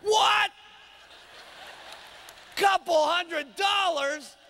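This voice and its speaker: Man doing a shouting grumpy husband. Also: very high voice, big pitch swings, unhurried, vocal fry, a faint crowd, slight background noise, full character voice. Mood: outraged. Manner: shouting, outraged. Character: loud, grumpy beer-drinking male mechanic husband.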